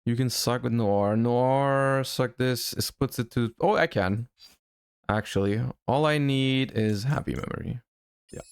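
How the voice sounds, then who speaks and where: A man streaming a card game live, thinking his plays through out loud, with sudden excited outbursts. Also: medium pitch, measured pace, clean tone, dry recording. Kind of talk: live-stream gameplay commentary.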